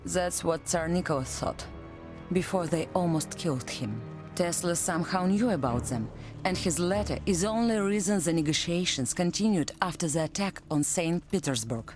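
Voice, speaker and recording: A woman's voice: lowish voice, expressive, normal speed, music in the background, natural voice. A woman voicing a determined female covert agent in a video game, speaking in a curt, focused way.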